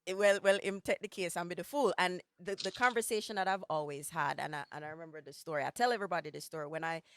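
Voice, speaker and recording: Woman, podcast host, casual chat, emphatic, lowish voice, dry sound. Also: fast, no room sound. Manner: conversational, emphatic, asks probing questions.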